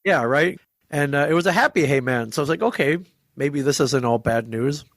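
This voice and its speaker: Lively storytelling man in his forties. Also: a little high, fairly quick, dry recording, studio quality. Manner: animated, acts out quoted dialogue. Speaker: podcast guest. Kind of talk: casual storytelling.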